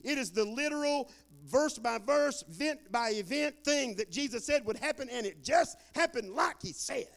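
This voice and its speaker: An older man preaches a sermon in a homespun, folksy way. He keeps calling out for amens. He swings from shouted bursts down to low, quiet asides. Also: expressive, normal speed, vocal fry. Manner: folksy Southern preaching, calls for amen, swings loud and soft.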